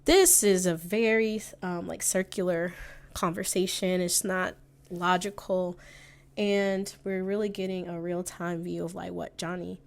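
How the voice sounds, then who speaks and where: A woman's voice: lowish voice, steady tone, unhurried, gravelly. A woman therapist giving conversational commentary on audio clips, quoting lines of dialogue and citing timestamps.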